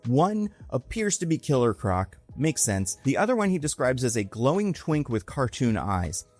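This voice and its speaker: A man's voice: medium pitch, sing-song, moderate pace, a little mellow, faint music behind. A young man giving a casual, conversational breakdown of a TV episode, slipping into exaggerated voices when he quotes characters. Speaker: online film and TV commentator.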